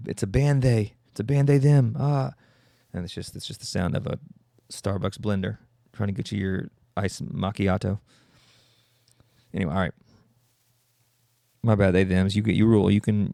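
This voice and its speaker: A gravelly, low-pitched man hosts a podcast in a loose, profane comedic monologue. He riffs and keeps cutting himself off mid-thought. His tone is dark and mellow, recorded dry and close. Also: no echo. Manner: riffing, self-interrupting, profane. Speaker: podcast host.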